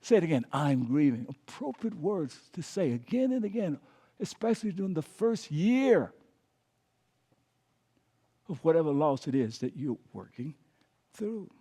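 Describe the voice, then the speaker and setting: A man preaching a sermon as pastor, calling on the congregation to repeat words, swinging between emphatic and hushed delivery. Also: on the high side, very animated, unhurried, pauses often, slightly rough. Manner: preaching with call-and-response prompts to the congregation.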